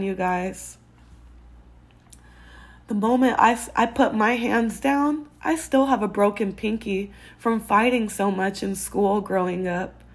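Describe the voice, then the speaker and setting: A woman podcast host giving personal faith-based advice, earnest and candid, with casual swearing. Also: fairly high pitch.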